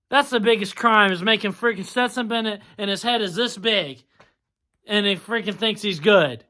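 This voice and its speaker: A man's voice: very high voice, sharp tone. A young man venting in a halftime rant, exasperated and swearing often. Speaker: sports vlogger.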